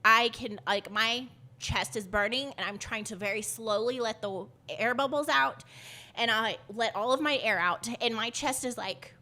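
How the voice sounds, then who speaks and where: A woman's voice: on the high side, moderate pace, pushed and bright. Chatty woman telling a story. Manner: rambling, filler-heavy, laughs often. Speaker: podcast guest. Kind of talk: casual storytelling.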